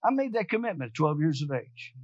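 A man's voice: fairly high pitch, very animated, fairly quick, no echo, dull audio. A male pastor preaching a sermon emphatically, often repeating and restarting his words.

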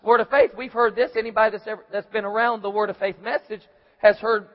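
High-pitched guy preaching, folksy, acts out little scenes, echoey hall, kinda muffled. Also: fairly even intonation, fast. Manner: folksy storytelling, acts out voices. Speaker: pastor. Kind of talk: sermon. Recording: echoey hall, dull lo-fi sound.

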